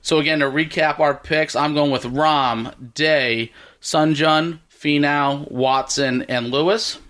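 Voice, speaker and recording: A man with a fairly high, fairly even voice speaks slowly, his tone fairly bright. He co-hosts a golf podcast, running through his betting picks in casual chat before closing out the episode on an upbeat note.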